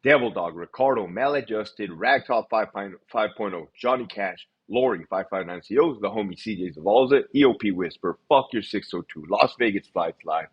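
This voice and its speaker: A man hosting a casual livestream, blunt and profane, rattling through shout-outs in a quick list. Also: lowish voice, expressive, slightly rough, dull audio. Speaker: livestream host.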